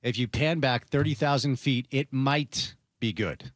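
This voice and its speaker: A man's voice: mid-range voice, unhurried, no echo, studio quality. A man hosting a sports talk show, giving confident, opinionated commentary. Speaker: sports podcast host.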